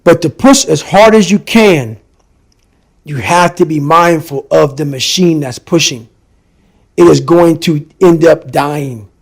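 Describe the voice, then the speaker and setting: Gravelly high-pitched man, intense and emphatic. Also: measured pace. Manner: forceful, repetitive, emphatic. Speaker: podcast guest. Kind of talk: intense motivational talk.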